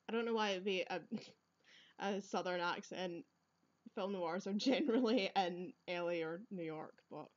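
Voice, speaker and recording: A young woman plays a video game as a let's play gamer, giving chatty, rambling commentary and laughing often. Recorded on earbuds, her mid-range voice has its highs cut off.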